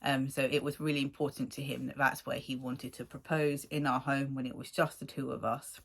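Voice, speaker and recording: Low-voiced woman telling a rambling story. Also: brisk. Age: 40s. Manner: rambling, animated, laughs often, acts out quotes. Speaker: vlogger. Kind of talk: casual storytelling to camera.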